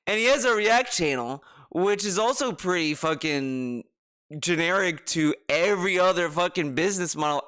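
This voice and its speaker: A man's voice: high voice, expressive, moderate pace, fairly bright tone, smooth. A man streaming his reaction to videos, ranting with heated, profane sarcasm. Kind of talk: ranting commentary.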